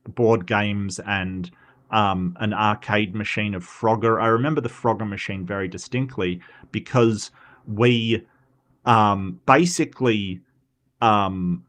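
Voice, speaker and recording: Chatty Australian man, lowish voice. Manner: animated, quick pitch jumps, frequent fillers and restarts. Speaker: streamer host. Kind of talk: casual chat reading posts.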